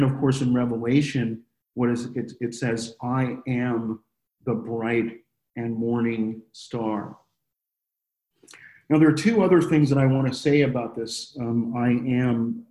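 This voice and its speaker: A man's voice: medium pitch, mellow. A man leading a Bible study in an earnest, conversational way, stopping and restarting often as he explains. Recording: roomy echo.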